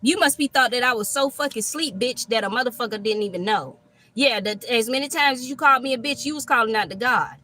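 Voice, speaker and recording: Bright, brash woman tarot reader. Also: on the high side, quick pace. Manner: blunt, profane, animated. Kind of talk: live tarot reading. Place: outdoors at a park. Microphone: phone.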